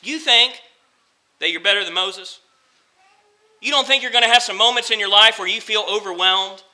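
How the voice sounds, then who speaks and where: A male pastor delivers a sermon in a high, strikingly bright voice. He repeats phrases for emphasis and slows down for scripture. His delivery swings from quiet and slow to louder and faster. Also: low-quality recording.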